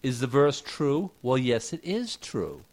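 A man's voice: medium pitch, very animated, a little slow, a little mellow. A man preaching a casual sermon, talking conversationally with rhetorical questions and folksy asides.

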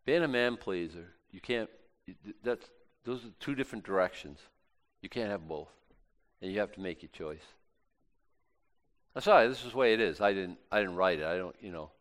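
Male preacher, lower voice, emphatic, casual delivery with restarts. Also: lively intonation, normal speed, long pauses, a bit bright. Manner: emphatic, conversational, with frequent restarts. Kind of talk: sermon with scripture reading.

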